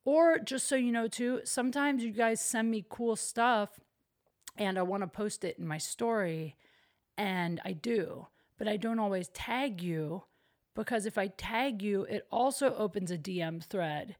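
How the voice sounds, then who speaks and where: A woman's voice: mid-range voice, unhurried. Young woman, podcast host, apartment, chatty, frequent "like". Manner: chatty, self-deprecating, lots of "like". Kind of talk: casual solo podcast chat. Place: her apartment.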